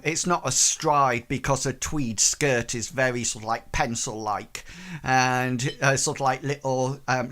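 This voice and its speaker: A man narrating a tabletop game as game master, in a halting, hesitant way with many pauses and restarts. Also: mid-range voice, fairly bright tone.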